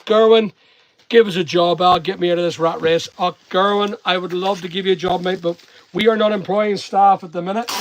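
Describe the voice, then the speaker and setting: Chatty high-voiced Northern Irish man. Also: poor audio. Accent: mixed Northern Irish and English. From Northern Ireland. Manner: chatty, jokey, reads viewer comments and answers them. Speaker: online seller and live streamer. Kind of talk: live stream reading chat aloud.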